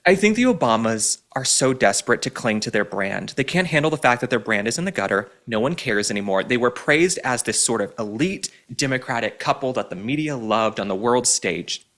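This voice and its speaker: A male host tearing into his targets with sarcastic, indignant commentary. His voice swings widely in pitch and has a bright, forceful edge. He mocks and scolds as he talks. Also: expressive, fairly quick, few pauses. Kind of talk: ranting political commentary.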